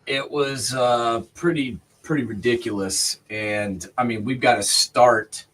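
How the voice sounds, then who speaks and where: Excitable man ranting about football. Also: medium pitch, unhurried, low-quality recording. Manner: excitable, ranting, retells stories with animated voices. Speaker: co-host. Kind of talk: casual sports talk.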